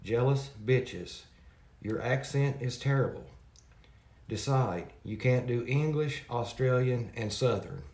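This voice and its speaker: A man behind parody videos airs a casual complaint to his viewers, rambling and exasperated as he goes through their comments. His slow, mid-range voice has a darkish tone, and the recording has echo and background noise.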